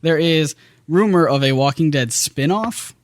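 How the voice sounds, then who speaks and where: A man hosting a casual podcast, chatty and brisk, rushing through his asides. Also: on the high side, expressive, no room sound, studio quality. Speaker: podcast host.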